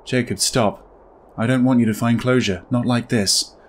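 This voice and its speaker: A man reading aloud the lines of a grieving dead wife from a game, in a soft, hushed voice. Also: medium pitch, fairly even intonation, normal speed, slight background noise, natural voice. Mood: hushed, accusing.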